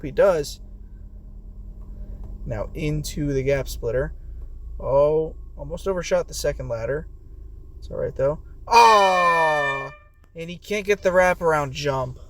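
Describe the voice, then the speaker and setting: Slow-talking excitable male commentator. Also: a little high, slight background noise. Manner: excitable, yells at falls, swears casually. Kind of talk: casual play-by-play commentary.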